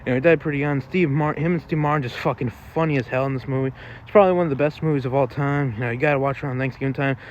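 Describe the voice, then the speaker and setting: A man's voice: mid-range voice, racing, dull audio, slight background noise. A man rambling through a casual, off-the-cuff movie review, full of fillers and loose swearing.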